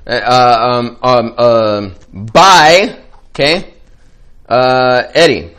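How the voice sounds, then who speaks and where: A man's voice: mid-range voice, extremely slow, a bit bright, smooth. A man chatting casually to camera as a vlogger, rambling and playful, checking in with the viewer again and again. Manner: rambling and playful, keeps checking in with "okay?" and "right?". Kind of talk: casual vlog chat to camera.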